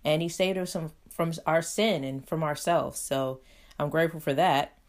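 A woman's voice: low voice, moderate pace. A woman hosting a solo podcast in a casual, chatty way, leaning often on "you know" as she talks. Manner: chatty, heavy use of "you know" fillers. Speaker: podcast host.

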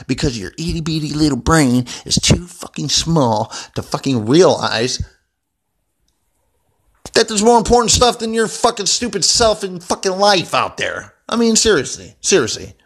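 A man's voice: fairly high pitch, very animated, moderate pace, slightly rough. A man ranting angrily and off the cuff at home, swearing constantly and rambling into his phone. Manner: angry, heavily profane, rambling. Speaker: vlogger. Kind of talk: unscripted profane rant. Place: indoors at home, seated.

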